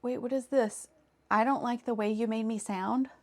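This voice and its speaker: A woman in her thirties with a low-key, even delivery, casually chatting with viewers while she crafts on a live stream. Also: moderate pace. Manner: thinks aloud and answers chat.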